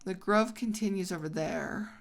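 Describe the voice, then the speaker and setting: A woman hosting a gaming video, telling a story in a casual way while she plays and breaks off into excited exclamations. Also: medium pitch, moderate pace.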